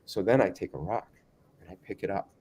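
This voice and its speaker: A man telling a long anecdote as a guest in a casual interview, animated and acting out other people's lines. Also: deep voice, brisk, husky. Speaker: guest storyteller.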